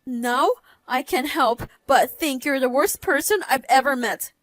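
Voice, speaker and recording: A woman's voice: high voice, unhurried, a bit bright, no room sound. A woman in her thirties narrating her own story in a cold, cutting, matter-of-fact way. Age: 30s. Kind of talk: first-person story narration.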